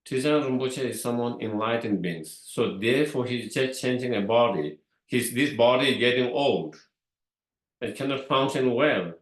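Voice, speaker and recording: A man whose first language is Tibetan, giving a dharma talk in a slow, halting way with many fillers and repeated words. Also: mid-range voice. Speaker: Buddhist teacher. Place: meditation hall. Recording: echoey room.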